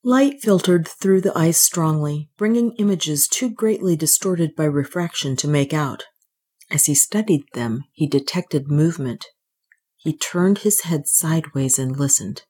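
A woman narrating a story aloud in a steady, even reading voice. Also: deep voice, unhurried, slightly rough. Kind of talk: scripted audiobook narration.

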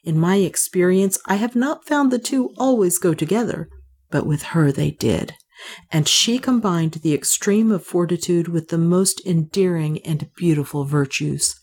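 A woman reading a story aloud as narrator, in a measured, even storytelling manner. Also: lowish voice, breathy edge. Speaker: audiobook narrator. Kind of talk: scripted narration.

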